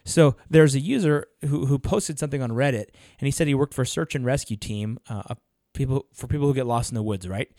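A man's voice: mid-range voice, quick pace, few pauses, warm tone, dry recording. A man with a mid-range voice co-hosting a podcast. He keeps the chat casual, laughs often, and reads notes aloud. The sound is dry and close. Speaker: podcast co-host.

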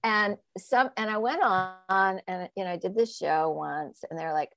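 Speaking at normal speed with few pauses, this woman has a lowish, gravelly voice and no room sound around her. A sex coach and author, she tells stories in a relaxed interview, laughing a lot and performing the voices of those she quotes.

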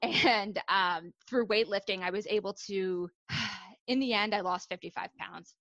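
Bright, candid young woman chatting. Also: mid-range voice, unhurried, dry recording. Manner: chatty and candid, lots of ums and likes. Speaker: guest, fitness coach. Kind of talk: casual podcast interview.

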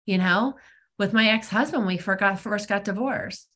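A woman's voice: medium pitch, normal speed, pushed and bright. Middle-aged woman, plain frank delivery with lots of ums, recovery-meeting share over an online call. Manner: frank and conversational, many ums. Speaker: twelve-step meeting speaker. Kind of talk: personal sharing at a recovery meeting.

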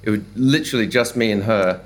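A young adult man with an Australian accent, a chef talking about his career as a podcast guest in a relaxed, chatty way with lots of fillers. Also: on the low side, fast talker. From Brisbane, Australia. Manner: easygoing and chatty, with relaxed slang and frequent fillers. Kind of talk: casual conversational interview.

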